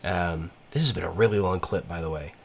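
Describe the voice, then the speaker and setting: A man's voice: low voice, fairly quick, gravelly. A man giving rambling, casual gameplay commentary, full of fillers and restarts. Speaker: gaming channel host.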